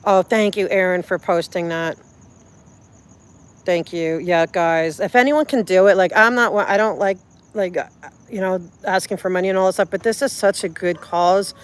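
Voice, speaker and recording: Speaking at a moderate pace with a clean, medium-pitched tone, a livestreamer reads out viewer chat and chats with the audience in an effusive, rambling way full of restarts. The clip was recorded on a phone outdoors at night.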